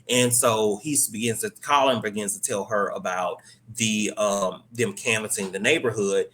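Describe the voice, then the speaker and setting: A young man casually retelling a TV episode, rambling with many fillers and briefly acting out the characters' lines in quick bursts. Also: lowish voice, fairly even intonation, fairly bright tone. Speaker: host recapping a TV episode. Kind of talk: casual recap.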